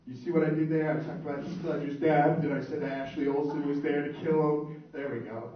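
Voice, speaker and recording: A man's voice: on the high side, brisk, few pauses. A young man performing a stand-up comedy set, telling crude, boastful stories and putting on voices for the people in them. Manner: crude, boastful storytelling with put-on voices for others. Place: small club stage. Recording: echoey, distant, dull lo-fi room recording.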